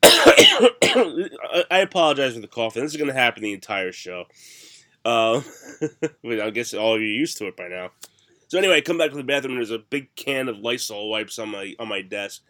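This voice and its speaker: A middle-aged man whose voice is hoarse and raspy after the flu, with a cough breaking through. His tone is bright and forward, and he rambles through self-mocking stories in a relaxed chat. He sounds like a co-host talking freely. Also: medium pitch, normal speed. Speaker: podcast co-host. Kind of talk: casual chat.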